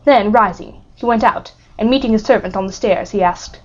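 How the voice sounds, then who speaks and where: A woman narrating an audiobook of a classic novel in a steady, dramatic reading. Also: mid-range voice, normal speed. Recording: muffled lo-fi recording.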